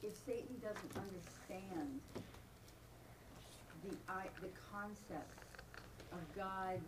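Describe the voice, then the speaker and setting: Slow, hesitant woman asking from afar. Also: mid-range voice. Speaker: student in class. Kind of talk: asking a question in class. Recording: distant mic, noisy room.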